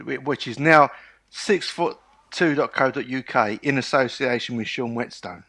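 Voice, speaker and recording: Bright-voiced, sweary joking man. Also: mid-range voice, normal speed, no room sound. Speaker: podcast panelist. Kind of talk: casual fan podcast chat.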